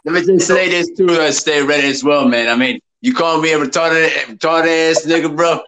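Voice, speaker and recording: A man's voice: on the high side, brisk, fairly bright tone, a little hiss or hum, low-quality recording. A man in casual podcast banter, heated and blunt, repeating himself for emphasis.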